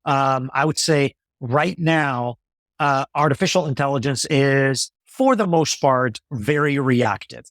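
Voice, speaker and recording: A male company executive explaining his ideas in a business interview, in a measured way with many fillers and restarts. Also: mid-range voice, fairly bright tone, dry recording, clean studio sound.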